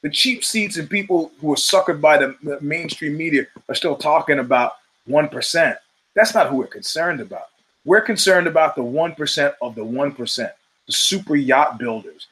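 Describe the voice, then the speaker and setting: A man's voice: on the high side, moderate pace, fairly bright tone, rough recording. Profane storytelling male show host. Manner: profane, storytelling, acts out quoted voices. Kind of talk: casual monologue.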